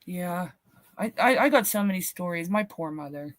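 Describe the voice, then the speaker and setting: A middle-aged woman co-hosting a podcast, telling a family story in an animated, swearing way and acting out the quotes. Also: fairly low pitch, normal speed, no room sound. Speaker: podcast co-host. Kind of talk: casual storytelling chat. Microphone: podcast mic, remote stream.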